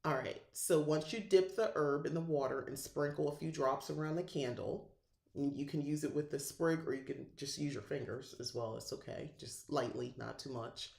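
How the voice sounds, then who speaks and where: A middle-aged woman hosting a podcast, teaching a calming ritual in a rambling, relaxed way and laughing often. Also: low voice, normal speed, vocal fry, echoey room. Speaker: podcast host and spiritual guide. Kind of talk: casual livestream teaching.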